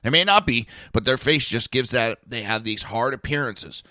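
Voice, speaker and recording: In this opinionated political commentary, a man hosting a podcast rants bluntly and profanely, firing off rhetorical questions. His mid-range voice is animated, pushed and bright, at normal speed, captured in studio quality without echo.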